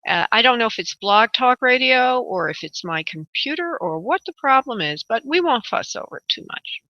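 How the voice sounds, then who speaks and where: A woman's voice: a little high, animated, moderate pace, dry recording. A woman hosting a call-in psychic radio show, chatty and rambling, calling callers honey and darling. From United States. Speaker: psychic medium radio host. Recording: dull lo-fi internet radio audio.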